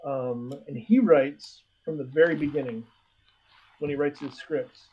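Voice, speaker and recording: A man's voice: a little high, measured pace, mellow, breathy edge. A man co-hosting a casual podcast chat, reading a listener post aloud and chatting energetically. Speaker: podcast co-host. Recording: dull lo-fi line with faint hiss.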